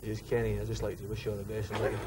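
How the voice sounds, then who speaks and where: A man, a former footballer telling a lively anecdote in an interview. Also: lowish voice, very fast, a little hiss or hum. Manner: animated, mimics others while telling a story. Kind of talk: storytelling anecdote.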